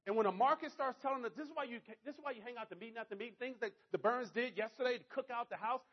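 A high-pitched man delivers an energetic motivational talk, repeatedly checking in with his listeners. The recording is dull and lo-fi, with muffled highs. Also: racing, breathy edge. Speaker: motivational speaker.

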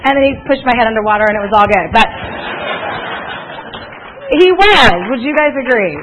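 A woman speaking to a live audience at a sales meeting, telling animated stories and acting out other people's lines in a chatty, energetic way. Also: on the high side, normal speed, a faint crowd, slight background noise. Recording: tinny phone-like recording.

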